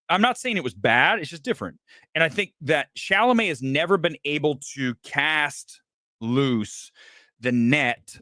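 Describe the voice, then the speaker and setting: Animated profane film-show host, dry sound. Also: male voice, no room sound. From Ohio, USA. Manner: animated, swings between loud outbursts and low asides, profane. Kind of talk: casual commentary on a livestream. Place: home studio, speaking to a laptop.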